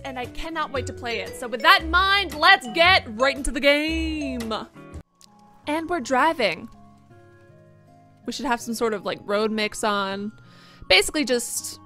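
Bright, high-voiced woman joking through a game. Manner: playful, jokey, quick to exclaim. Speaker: let's play host. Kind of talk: casual gameplay commentary.

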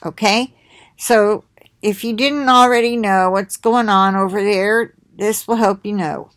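A woman's voice: medium pitch, fairly even intonation, a little slow, no echo. A middle-aged woman hosting her own video, chatting to viewers in a rambling way and reading titles aloud with asides. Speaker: video host sharing links. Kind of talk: casual monologue to viewers.

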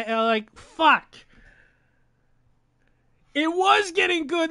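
A man streams live commentary on a hockey video game simulation and talks to his chat. His voice sits high and sharp, and he talks at an unhurried pace, swearing freely and bursting into loud exasperated outcries. The sound is dry and close, with no room echo.

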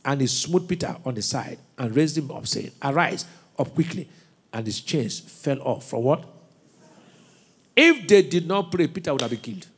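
A man with a Nigerian accent preaching a sermon in a church, with call-and-response questions, shouted bursts and laughing asides. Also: mid-range voice, animated, moderate pace, breathy edge. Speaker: pastor.

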